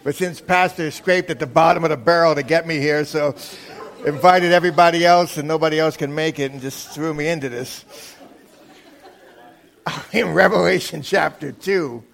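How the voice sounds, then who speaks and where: A man's voice: on the high side, moderate pace, vocal fry, a bit bright. A man preaching a sermon as a guest speaker, chatty and joking, rising to emphatic points.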